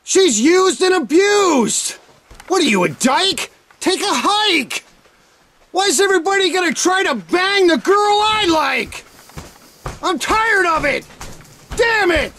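A man narrating a crude comedy video, shouting rhyming insults with exaggerated outrage. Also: extremely high pitch, expressive, takes it slowly.

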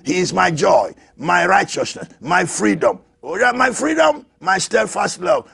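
A man preaching a fiery sermon as an apostle, who shouts, repeats his lines and laughs between them. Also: high voice, sing-song, measured pace, creaky, few pauses, breathy edge.

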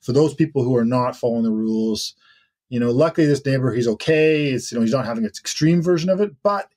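A man's voice: medium pitch, fast talker, darkish tone. A man co-hosting a current-events podcast in casual, rambling chat. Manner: conversational, rambling with restarts and asides. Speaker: podcast co-host.

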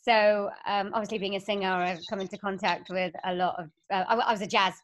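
A woman's voice: medium pitch, steady tone, brisk. A young woman from Wales, a voiceover artist and singer, chatting upbeat and laughing often as an interview guest. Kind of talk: casual interview chat.

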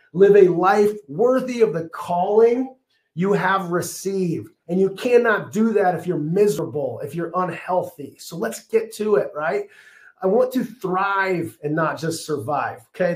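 A man in his thirties giving a passionate, fast, emphatic webinar presentation from his office, his voice a bit strained. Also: on the high side, roomy sound. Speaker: functional medicine practitioner presenting a webinar.

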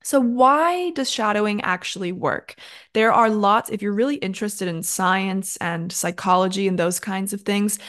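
A young woman teaching an online English lesson in a chatty, clear and encouraging way, with casual filler words. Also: mid-range voice.

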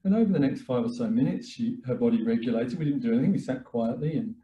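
A man giving a webinar talk as a therapist, speaking calmly and reflectively with frequent fillers and restarts. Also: medium pitch, fast, lo-fi sound. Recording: echoey room.

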